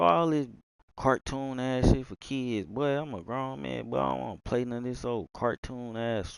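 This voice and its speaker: Young dude rambling on stream, low gravelly voice, cussing a lot, super dry close sound. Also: male voice, dry recording. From Texas. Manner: loose, filler-heavy talk with lots of swearing and sighs. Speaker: gamer streamer. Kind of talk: casual rambling rant.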